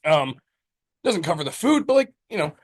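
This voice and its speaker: A man co-hosting a podcast in casual chat, rambling and profane with lots of fillers and animated storytelling. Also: on the high side, normal speed. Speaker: podcast co-host.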